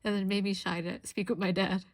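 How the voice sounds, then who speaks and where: A woman's voice: medium pitch, level tone, fast talker, dry recording. Chatty young woman streamer, dry sound. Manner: chatty, rambling, answers chat. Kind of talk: casual chat while crafting on stream.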